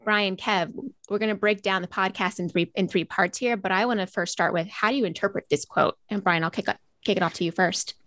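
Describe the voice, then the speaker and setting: A woman's voice: mid-range voice, fairly even intonation, a little fast, fairly bright tone, no room sound, clean studio sound. Upbeat woman hosting a podcast. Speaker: podcast host. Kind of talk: scripted podcast intro and interview hosting.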